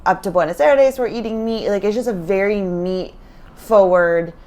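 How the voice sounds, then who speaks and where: A woman's voice: mid-range voice, moderate pace, darkish tone. A woman co-hosting a podcast in casual chat, talking loosely with lots of "like" and casual swearing, recorded in a hotel room while feeling sick. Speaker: podcast co-host.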